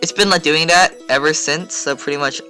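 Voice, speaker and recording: A man's voice: fairly high pitch, steady tone, fairly quick, sharp tone, faint music behind. A man casually commentating over his gameplay video, rambling and full of fillers. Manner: rambling, filler-heavy, chatty. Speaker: gaming channel host.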